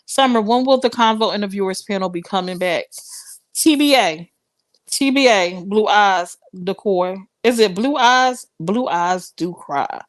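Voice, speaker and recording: A woman's voice: fairly high pitch, moderate pace. A young woman hosts a live stream and talks straight to her viewers. She sounds impassioned and a little preachy, in casual commentary.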